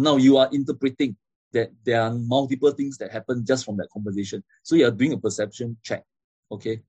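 A man's voice: medium pitch, normal speed, darkish tone, husky, no room sound. A man giving a classroom lecture, explaining step by step and often checking in with "okay?" and "right?".

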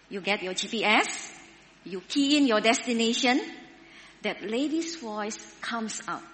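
Slow-preaching woman in a reverberant hall. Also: fairly high pitch, a bit bright, slight background noise. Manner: slow, deliberate, asks the audience questions. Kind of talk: sermon.

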